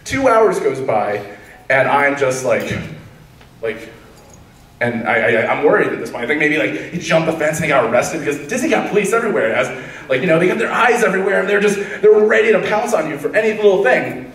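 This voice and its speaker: Young male comic, high lively voice, rambling, roomy hall, distant mic. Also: a little fast. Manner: rambling, animated, laughs at his own story. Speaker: stand-up comedian. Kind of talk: stand-up storytelling.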